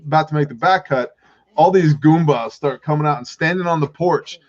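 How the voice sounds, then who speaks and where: High-voiced man telling a story on a dull livestream. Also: brisk. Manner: animated storyteller, laughs often, acts out voices. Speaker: prepper channel host.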